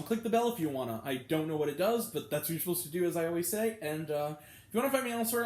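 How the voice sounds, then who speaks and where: A man hosting his own movie review vlog, talking casually and ranting with pitch jumping up when annoyed. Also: reverberant.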